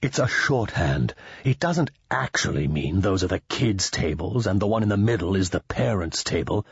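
A man's voice: sits low, lively intonation, moderate pace, breathy edge, dry recording, lo-fi sound, exaggerated voice. A man voicing an anxious male diplomat in an audiobook, speaking shakily and lecturing in a tense, raised voice.

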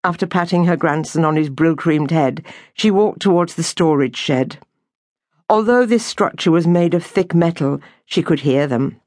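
A woman reading an audiobook novel aloud in a measured, unhurried storytelling manner. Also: low voice, darkish tone, no echo, clean studio sound. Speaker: audiobook narrator. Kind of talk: scripted narration.

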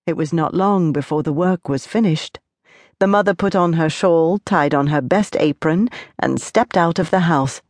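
Woman narrator, children's audiobook, low voice, gentle measured delivery. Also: no room sound. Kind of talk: scripted narration.

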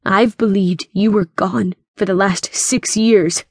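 A man's voice: sits high, normal speed, no room sound, clean studio sound. Woman voicing a shaky, bitter young man. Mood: shaken. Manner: shaky, hardening voice.

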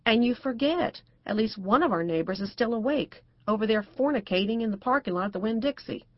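A woman's voice: fairly high pitch, expressive, fairly quick, dry recording, highs cut off, pitched above the performer's own voice. A woman narrator voicing a prim, cautious middle-aged housewife who speaks properly and frets. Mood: prim, fretful. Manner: proper and fretful.

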